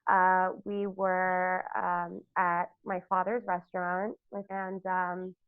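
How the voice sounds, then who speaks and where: A woman's voice: lowish voice, little pitch movement, takes it slowly, clear, resonant tone, dry recording. A woman hosting a podcast interview in casual chat, gushing and rambling with lots of fillers. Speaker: podcast host. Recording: dry, tinny phone-like line.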